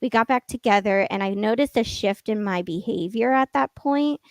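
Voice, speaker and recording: A woman's voice: mid-range voice, normal speed, no echo. A woman guest on a podcast, candidly telling a personal story and acting out what was said. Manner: candid, storytelling, quotes people in dialogue.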